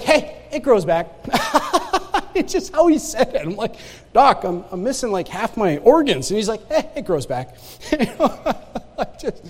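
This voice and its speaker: A man with a high-pitched voice tells his own story from the pulpit in a church with a long reverb trail. He moves from hushed, quick asides to loud, exclaimed lines. He laughs along with the congregation as he goes. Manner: animated storyteller, swings between loud exclamation and quiet asides, laughs often. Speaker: guest preacher giving testimony. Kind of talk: sermon testimony. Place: church sanctuary.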